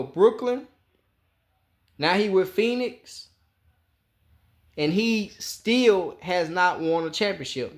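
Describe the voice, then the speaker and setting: A man giving an emphatic, profane sports rant, repeating his points as he tells the story. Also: sits high. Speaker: sports commentator.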